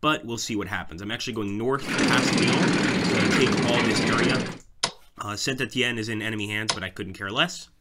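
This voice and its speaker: A man's voice: on the low side, moderate pace. Chatty man narrating a strategy game. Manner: chatty, thinks aloud, keeps addressing viewers as guys. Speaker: let's play host. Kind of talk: casual gameplay commentary. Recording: loud background noise.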